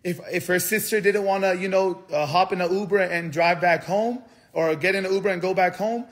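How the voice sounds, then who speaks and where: A man's voice: sits high, a little fast. A young man telling a heated story on a livestream, swearing often and repeating himself as he rants. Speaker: streamer.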